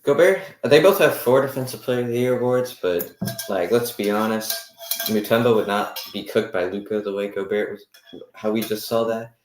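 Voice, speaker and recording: A young man co-hosting a casual sports podcast, energetic and running the segments. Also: fairly low pitch, normal speed, slight background noise. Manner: energetic, runs the segments, lets out loud whoops. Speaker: podcast co-host. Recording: echoey room.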